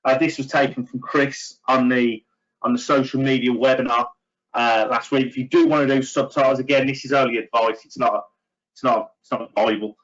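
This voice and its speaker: A man's voice: mid-range voice, fairly even intonation, a little fast, fairly bright tone, highs cut off. A middle-aged man giving a webinar training talk to estate agents, chatty, with many fillers and self-deprecating asides.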